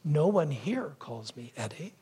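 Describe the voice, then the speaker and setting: A man preaching a sermon, telling a story with lively asides and acting out brief voices. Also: on the high side, a little slow, breathy edge. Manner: storytelling, acts out wife's lines and crow caws. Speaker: pastor.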